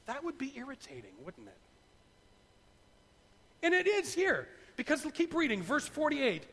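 A middle-aged man preaching a sermon, retelling a story in an animated way and acting out the voices. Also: very high voice, unhurried, in a large hall. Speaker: pastor.

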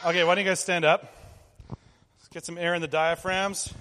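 A man's voice: high-pitched, level tone, normal speed, bright, forceful tone, long reverb tail, some chatter behind, a little hiss or hum. A man leading children through an interactive object lesson, talking in an upbeat, conversational way and calling for group responses. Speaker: children's ministry leader.

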